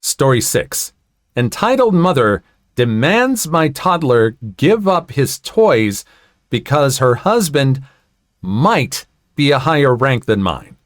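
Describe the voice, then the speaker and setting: A man narrates online stories aloud, his pitch moving in lively swings around a mid range. He adds sympathetic comments between readings. The recording is close and dry. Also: slow, no room sound. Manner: expressive, sympathetic asides. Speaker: story narrator.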